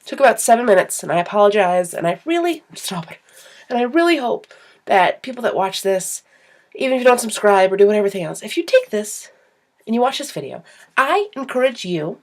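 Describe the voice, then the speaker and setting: Talking to camera in a vlog, a young woman with a mid-range voice tells rambling, self-deprecating stories about her own quirks. She's casual and animated throughout.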